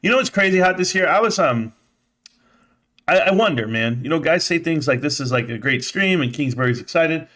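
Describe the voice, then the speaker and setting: A man hosting a casual live stream, reading chat aloud and thanking viewers by name. He rambles in an animated, sometimes profane way and says he feels out of breath. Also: fairly high pitch, fairly quick. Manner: rambling, animated, swearing, laughs often.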